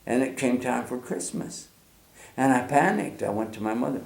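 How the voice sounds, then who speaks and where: A man in his sixties from the United States, telling a personal story in a casual, animated way, chuckling often and acting out remembered voices. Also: mid-range voice, moderate pace, creaky. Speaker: storyteller guest. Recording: roomy echo.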